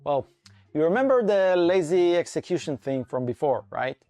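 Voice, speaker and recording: A man giving a scripted conference talk in an enthusiastic, playful, pitching manner, bantering with a co-presenter. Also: expressive, moderate pace, mellow, faint music behind. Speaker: conference speaker and framework core team member.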